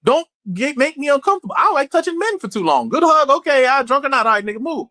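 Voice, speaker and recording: A man speaking as an actor in a candid interview, blunt and profane, telling stories in an animated way. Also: extremely high pitch, fast, no room sound.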